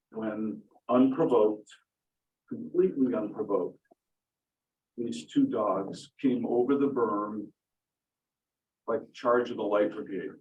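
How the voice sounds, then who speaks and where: A middle-aged man giving public comment at a town board meeting, talking emphatically and with indignation, and repeating his points for stress. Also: lowish voice. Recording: roomy distant meeting-room audio.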